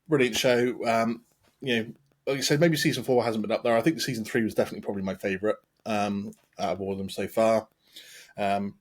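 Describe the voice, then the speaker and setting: A man's voice: on the low side, breathy edge. An English man hosting a podcast, chatting casually and rambling with many ums and restarts. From England. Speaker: podcast host. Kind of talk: casual chat.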